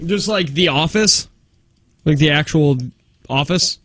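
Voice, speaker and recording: A man co-hosting a radio show in the studio, chiming in with quick jokes and short replies. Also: a little high, a bit bright, dry recording. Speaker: radio co-host. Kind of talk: casual morning-show banter.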